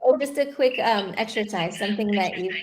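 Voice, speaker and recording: A woman's voice: mid-range voice, a little fast, a little hiss or hum. A woman yoga teacher hosting a livestream chat, enthusiastic and often laughing. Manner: enthusiastic, laughs often, many "you know"s. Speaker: yoga teacher and stream host.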